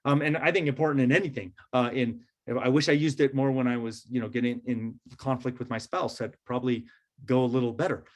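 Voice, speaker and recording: A man's voice: mid-range voice, steady tone, a little fast. A man leading a workshop for teachers, talking casually and checking in often with "right?". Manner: conversational, many fillers and "right?" check-ins. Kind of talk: casual presentation to educators.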